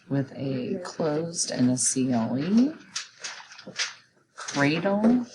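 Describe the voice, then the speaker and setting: A woman's voice: sits low, noisy background. A woman teacher giving a recorded phonics lesson, patiently explaining each step to young students.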